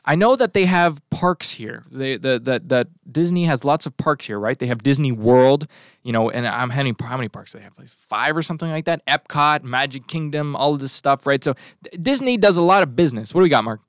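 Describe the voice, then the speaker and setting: A man's voice: mid-range voice, lively intonation, a little fast, no room sound, clean studio sound. A male talk show host giving a rambling, sarcastic commentary monologue and throwing asides to his crew. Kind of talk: casual political commentary monologue.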